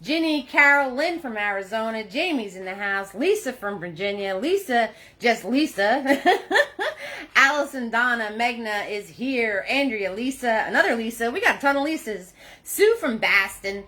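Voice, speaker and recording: A woman's voice: on the high side, expressive, moderate pace, pushed and bright. Bubbly chatty woman hosting a paint party. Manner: chatty, upbeat, greets viewers by name. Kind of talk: live-streamed painting class. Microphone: phone in a holder.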